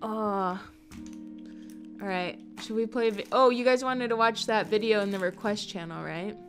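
A woman's voice: mid-range voice, normal speed, faint music behind. A young adult woman streaming live, chatting casually with her audience in a gushing, effusive way and swearing now and then.

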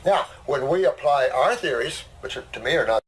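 A man's voice: mid-range voice, expressive, a little fast, slight background noise, low-quality recording. An older man hosting a casual talk, a blunt and boastful storyteller. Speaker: host. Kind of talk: casual conversation.

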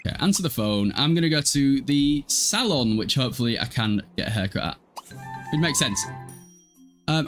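Chatty guy, lively voice. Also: mid-range voice, moderate pace, soft background music. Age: 20s. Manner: chatty, swears freely, laughs often, reads and answers chat. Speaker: game streamer. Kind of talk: casual live gameplay commentary.

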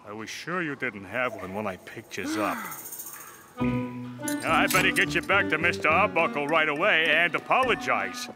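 A man's voice: a little high, very animated, moderate pace. An actor playing a blunt, folksy male dogcatcher in a cartoon. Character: gruff working-class male dogcatcher. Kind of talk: cartoon voice acting. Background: cartoon background music.

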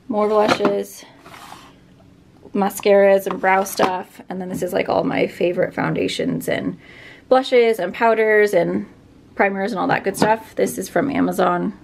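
A woman's voice: medium pitch, gravelly, darkish tone, slight background noise. A woman giving a casual, chatty tour of her bedroom filming room as a beauty vlogger, upbeat and full of fillers.

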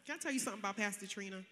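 A woman pastor preaching a sermon in a casual, colloquial way, swinging from loud shouting to soft, chatty asides. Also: medium pitch, in a large hall, slight background noise. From Connecticut, USA. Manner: casual, colloquial preaching with direct address to the congregation. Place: large church sanctuary.

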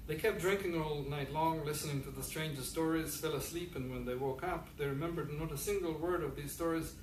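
A man reading his own fiction aloud at a public event, halting with frequent fillers. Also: a little high. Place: event hall. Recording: echoey room, distant mic, faint noise.

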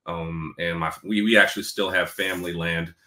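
At normal speed, a low, steady voice with a pushed, bright edge comes through a reverberant recording. It belongs to a New Yorker in his forties giving a casual, candid interview, cursing, laughing easily, and leaning on fillers. His accent is mostly neutral American, touched faintly by Black New York speech.

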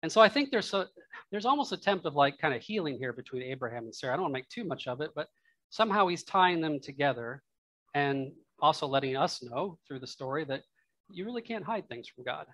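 A man's voice: fairly high pitch, very animated, fast, fairly bright tone, no room sound. A man preaching a sermon in church, talking it through in a casual, musing way with asides. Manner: conversational, musing aloud with asides and laughs. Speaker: pastor.

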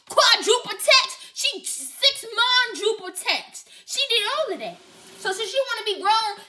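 Young woman, vlogger, very high pitch, lively swings, loud theatrical scolding. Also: background noise. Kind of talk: animated prank vlog rant.

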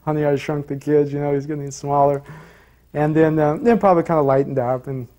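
A man's voice: a little high, fairly even intonation, fast talker, mellow. A man recalling past events in a loose, rambling way, full of "you know"s and restarts. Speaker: interviewee recalling his guru. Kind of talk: casual storytelling.

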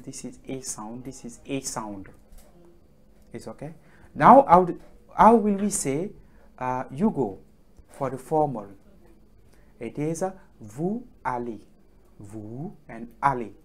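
Slow, patient male French teacher. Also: mid-range voice, breathy edge. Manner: patient drilling, repeats phrases, hesitant fillers. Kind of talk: online language lesson.

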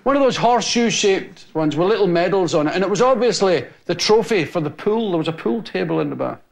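Scottish male comic, high, sing-song delivery, rambling live stand-up. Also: fairly quick, gravelly. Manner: animated, rambling anecdotes with audience laughter. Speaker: stand-up comedian. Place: television studio with a live audience. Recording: loud hiss on an old TV recording.

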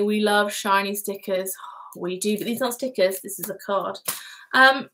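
A woman's voice: medium pitch, fairly bright tone, poor audio. A woman hosting a live craft vlog, chatting casually and giggling as she reads out viewer comments. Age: adult parent. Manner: chatty and giggly, rambling asides.

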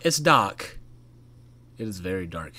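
Guy streaming a horror game, bright lively voice, joking and chatting to the screen. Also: sits low, slow. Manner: chatty, jokey, talks to the game. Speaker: gaming YouTuber. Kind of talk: casual let's-play commentary.

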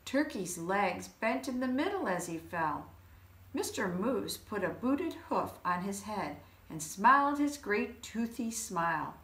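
A woman reading a children's holiday story aloud, expressive and unhurried. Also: medium pitch. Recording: echoey room.

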